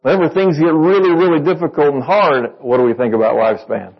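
A male pastor with a slightly high, husky voice, preaching in a conversational way. He reads verses aloud and puts questions to the congregation. The sound is dull and lo-fi, as if recorded in a church. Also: fast. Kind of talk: sermon.

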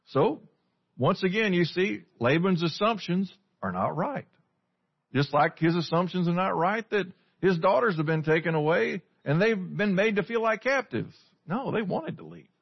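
A man preaching in a conversational way, his voice sitting a bit higher than most men's. He puts scripture into plain everyday words and keeps asking his listeners questions. The recording sounds dull and lo-fi. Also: expressive, normal speed, creaky, husky. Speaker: pastor. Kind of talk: sermon.

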